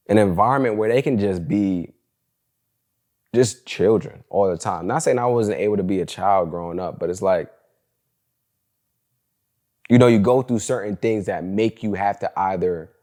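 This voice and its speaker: A young man hosts a solo podcast in a slightly low voice. He talks in a loose, candid, slangy way and keeps "bro" and "like" running through his stories. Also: measured pace, long pauses, darkish tone. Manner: candid, slangy storytelling, fills talk with "bro" and "like". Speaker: podcast host. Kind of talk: casual solo podcast monologue.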